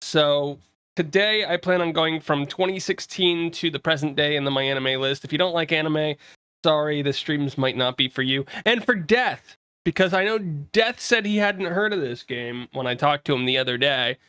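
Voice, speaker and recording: A man's voice: a little high, moderate pace, sharp tone, smooth, no echo. A young man from the East Coast of the US streaming casually, chatting with viewers and reading out their messages. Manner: chatty, reads out chat and greets viewers. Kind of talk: casual livestream chat. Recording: faint music behind.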